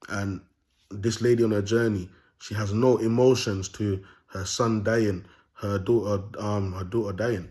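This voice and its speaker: A man's voice: fairly low pitch, steady tone, measured pace, a little mellow. A young man delivering an unscripted monologue as a self-styled prophet, talking raw and bold in street slang with rambling repeats.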